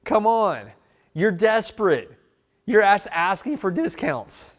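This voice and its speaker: An animated man leads a sales training session, talking casually and acting out bits of customer role-play. His voice sits a little on the high side for a man. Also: normal speed. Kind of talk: live sales training talk.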